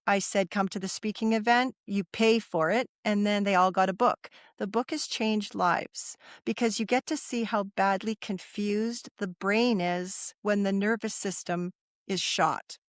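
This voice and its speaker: A woman's voice: medium pitch, steady tone, measured pace, no room sound, clean studio sound. A middle-aged woman sharing a personal story as a podcast guest, earnest and repeating phrases for emphasis.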